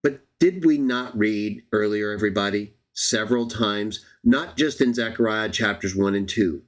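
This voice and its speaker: On a live-streamed Bible study, a man with a lowish voice reads verses aloud at a moderate pace. He argues his point, addressing everybody watching and firing off rhetorical questions.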